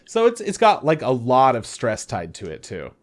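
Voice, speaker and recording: A man's voice: medium pitch, wildly swooping pitch, moderate pace. Easygoing male co-host, casual banter, self-mocking with the odd curse. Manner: laid-back, self-deprecating, swears. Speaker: podcast co-host. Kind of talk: casual chat.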